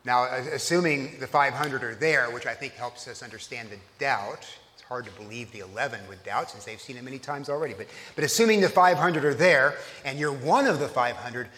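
A man's voice: medium pitch, fairly bright tone, long reverb tail. A man preaching a sermon at a church service, telling the story in a conversational way and putting questions to his listeners.

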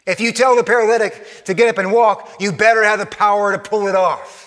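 A man preaching a sermon, earnest, repeating and restarting phrases, often dropping soft for emphasis. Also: sits high, fairly even intonation, fairly quick, big-room sound.

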